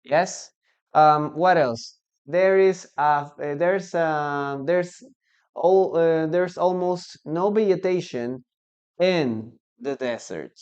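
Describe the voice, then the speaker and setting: A man with a Peruvian Spanish accent teaching an online English lesson, slow and deliberate, repeating words for learners. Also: a little high, a little mellow, smooth, highs cut off.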